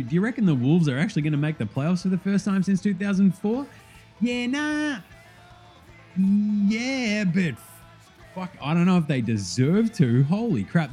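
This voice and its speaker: This sports podcast host speaks with an Australian accent and a fairly high, breathy voice. His commentary is excited and casual, full of laughter and free swearing.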